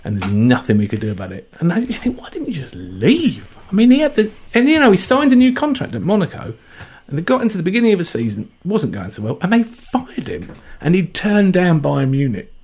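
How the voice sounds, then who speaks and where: A man's voice: high voice, wildly swooping pitch, fairly quick, darkish tone, husky. A man hosting a casual football chat, opinionated and mocking.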